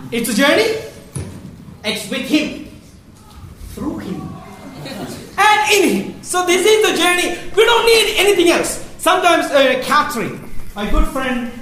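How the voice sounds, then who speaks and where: An animated woman presenting a Catholic faith workshop, often laughing as she talks. Her high voice swings widely in pitch. She is heard from a distance in a very echoey hall, with faint background noise.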